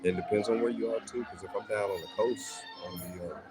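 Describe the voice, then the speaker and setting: A deep, low-pitched middle-aged man chats loosely with his livestream viewers, drifting from thought to thought. His delivery is relaxed and easygoing. Loud music plays steadily in the background. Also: a little fast, poor audio. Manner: laid-back, rambling, peppered with "man". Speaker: livestream host. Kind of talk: casual livestream chat. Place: at home in a hot city neighborhood.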